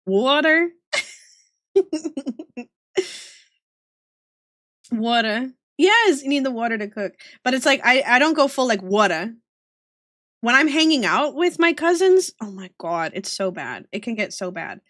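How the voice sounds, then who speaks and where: A young woman streams herself drawing art live, chatting casually with viewers and giggling often. She has a slight Southern US accent with some New York vowels, and a high, fairly bright voice with big pitch swings at a moderate pace, recorded clean with no room sound.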